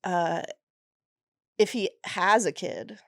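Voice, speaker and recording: A woman's voice: lowish voice, slow, a bit bright, no echo, clean studio sound. A woman from Canada with a Canadian accent, a stand-up comedian chatting as a podcast guest, joking in a blunt, profane way. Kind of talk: casual podcast chat.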